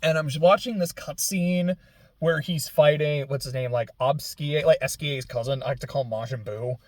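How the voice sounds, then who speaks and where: A man's voice: a little high, moderate pace, no echo. Rambling young man, dry close sound. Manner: rambling, filler-heavy, laughs through near tears. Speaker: video game commentator. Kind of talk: casual gaming chat.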